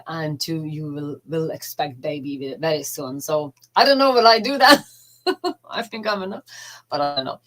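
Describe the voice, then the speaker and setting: A middle-aged woman life coach talking in a casual, earnest and halting way, often emotional, with non-native phrasing. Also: on the low side, poor audio.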